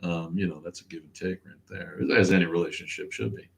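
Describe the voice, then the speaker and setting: A man's voice: sits low, little pitch movement, a little fast. A man hosting a casual livestream chat, sarcastic and profane, who laughs often. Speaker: podcast host.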